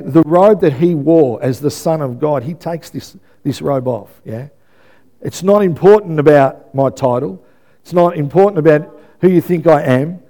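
Warm-toned preacher, conversational and emphatic. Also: male voice, a little high. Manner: conversational preaching, often asks "yeah?"; repeats phrases for emphasis. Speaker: pastor. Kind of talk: sermon.

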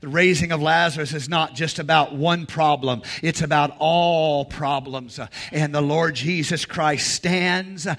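A man preaching a sermon in a church, leading the congregation in call-and-response and rising to loud, emphatic peaks. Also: on the high side. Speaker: pastor. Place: church sanctuary. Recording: music playing behind.

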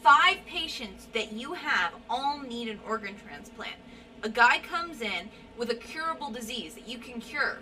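A woman's voice: fairly high pitch, expressive, measured pace, pushed and bright, far from the mic, a little hiss or hum, poor audio. A woman in casual chat, playfully posing a moral dilemma and laughing often.

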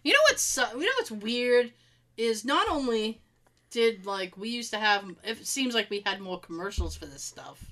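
A woman with a Boston accent co-hosting a podcast in casual chat, giggly and animated, laughing often. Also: fairly high pitch, normal speed. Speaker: podcast co-host.

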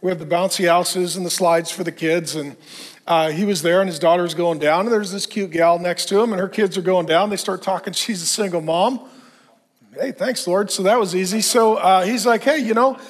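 Middle-aged male pastor, high-pitched voice, loud, animated storytelling sermon. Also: moderate pace. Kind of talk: energetic men's group sermon. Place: church hall before a live audience.

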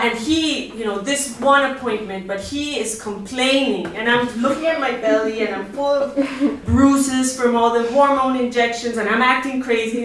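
A woman with a slightly high voice tells a candid, wry story on a live stage. The sound is very roomy and caught from some distance off the mic. An audience is heard clearly, laughing along. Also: very noisy.

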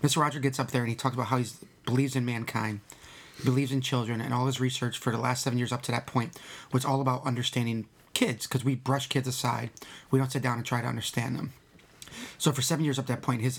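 Fast-talking and creaky, a mid-range male voice with fairly even intonation recounts a film in casual podcast conversation. He wanders, laughs, and mimics quotes against faint background noise.

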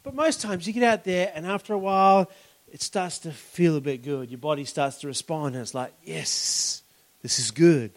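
An Australian man preaching a sermon in an animated way, acting out reactions and bursting into shouts. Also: a little high, fairly quick.

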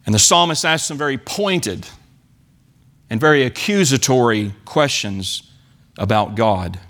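A man's voice: medium pitch, lively intonation, unhurried, fairly bright tone. A man preaching a sermon in church, earnestly acting out the psalmist's pleas. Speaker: pastor.

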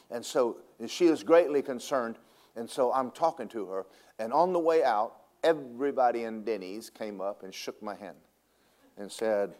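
A man preaching a sermon as pastor, animated and humorous, swinging between loud preaching and hushed asides. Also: medium pitch. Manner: humorous storytelling, laughs at own jokes.

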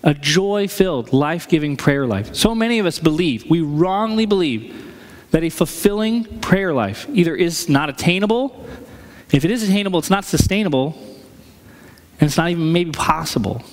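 A man's voice: a little high, expressive, normal speed, in a large hall. A man preaching a sermon as pastor in a church sanctuary, conversational and acting out the voices he quotes.

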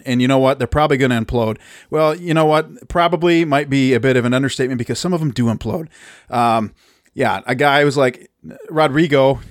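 On a podcast, a man with a medium-pitched voice casually recaps a movie plot, rambling, laughing often, and poking fun at himself. The recording is studio quality with no echo.

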